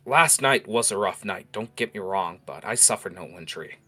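A man voicing a gruff, angry, worn-out captain of the guard. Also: lowish voice, lively intonation, normal speed, bright, forceful tone, soft background music, full character voice.

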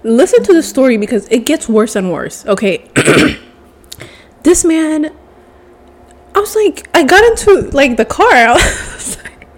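A young woman with a stuffy nose telling a long personal story in a casual, animated way, swearing freely and calling the listener baby. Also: sits high, a little slow, pauses often.

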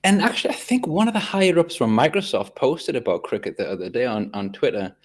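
A man's voice: mid-range voice, expressive, quick pace, breathy edge. A man from the North East of England with a coastal Tyneside accent, chatting casually on a podcast and often restarting his sentences. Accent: North East English, Tyneside coast. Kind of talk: casual chat.

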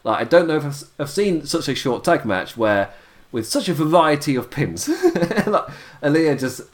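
A tired British man hosts a casual wrestling review podcast, chatting and laughing often as his voice wears out. His pitch is fairly high and sing-song, at a moderate pace.

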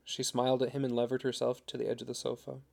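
A man narrating a story in a steady, unhurried reading voice. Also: medium pitch, vocal fry. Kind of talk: audiobook narration.

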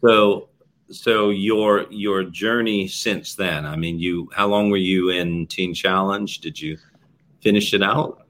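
A man hosting a faith interview, asking gentle, halting questions full of fillers. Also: low voice, fairly even intonation. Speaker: interview host.

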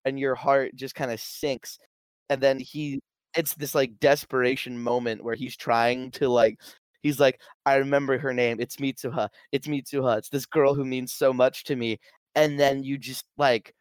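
A man talks excitedly about a film, retelling scene after scene and slipping into little acted-out quotes. His voice is smooth and resonant, at a middle pitch. The sound is dry and close, with no room echo. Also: normal speed. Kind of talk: casual film discussion.

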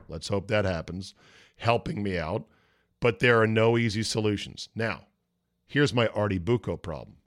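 A man's voice: mid-range voice, no echo, studio quality. Profane, exasperated male sports talk host. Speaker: podcast host. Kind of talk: casual sports talk monologue.

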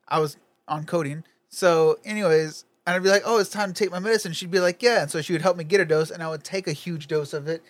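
A man's voice: fairly high pitch, fairly even intonation, a little fast, dry recording. A young man telling a laid-back story in casual chat, laughing and swearing freely.

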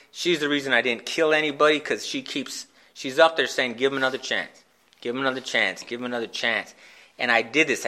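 A man telling his own recovery story in a candid, self-mocking way, with halting restarts. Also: mid-range voice, sharp tone. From Phoenix, Arizona, USA. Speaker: speaker sharing a recovery story. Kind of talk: personal storytelling talk at a recovery meeting.

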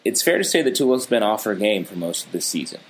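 A man with a fairly low voice, talking in a loose, easygoing way as he recaps a TV episode. He keeps slipping into goofy riffs while he chats with a co-host. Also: sing-song, fast talker, a little hiss or hum. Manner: joking, easygoing, drifts into silly riffs. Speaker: podcast co-host. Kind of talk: casual TV recap chat.

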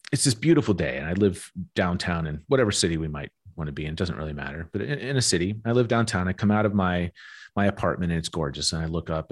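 A young adult man talking frankly and reflectively in a podcast conversation, swearing casually as he goes. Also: low-pitched. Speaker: guest.

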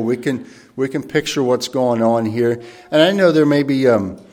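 A man's voice: medium pitch, a little mellow. Earnest man preaching a sermon. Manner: thoughtful and earnest, often pausing and rephrasing; reads scripture aloud slowly and formally.

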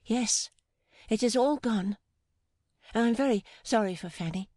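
A woman reading the part of a gentle, timid young woman, speaking softly and hesitantly with deep affection. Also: a little slow, dry recording. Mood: tender. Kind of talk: audiobook dialogue reading.

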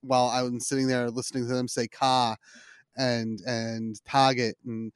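A man's voice: mid-range voice, little pitch movement, brisk, clean tone, no room sound, studio quality. A man with a Philadelphia accent hosting a podcast, chatting casually in a rambling, self-deprecating way with lots of restarts. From Philadelphia area. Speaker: podcast host.

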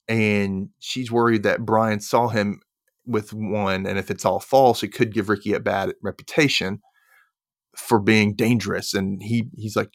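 A podcast host with a low-leaning voice and fairly even intonation goes over a TV episode in a relaxed way. The sound is studio quality with no echo, and he acts out dialogue in brief asides while retelling scenes.

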